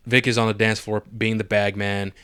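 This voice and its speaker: Dude with a lowish voice hyped up recapping a show, cursing, acting out lines. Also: male voice, brisk, clean tone, no echo. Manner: excited, profane, acts out characters' lines. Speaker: podcast co-host. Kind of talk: casual chat recapping a TV episode.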